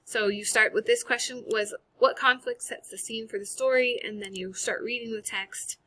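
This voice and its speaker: Bright-sounding woman teacher going over homework on a screen share, casual and chatty, computer mic. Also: a little high, steady tone, normal speed. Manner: casual, upbeat, chatty with fillers. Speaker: high school English teacher. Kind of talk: recorded screen-share lesson walkthrough.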